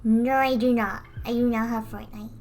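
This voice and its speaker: A woman's voice: on the high side, fairly even intonation, normal speed, a little mellow. A female streamer chatting casually while she draws, giggling often and answering her chat.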